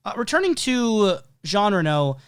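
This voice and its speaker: A man's voice: high-pitched, sing-song, a little slow, smooth. A man co-hosting a casual podcast discussion, talking through ideas analytically and reading quotes aloud. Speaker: podcast co-host.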